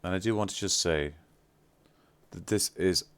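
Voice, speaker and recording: Deep, smooth-voiced man streaming live. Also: moderate pace, fairly bright tone. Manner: playfully teasing, effusive. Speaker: livestreamer. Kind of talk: casual live-stream chat.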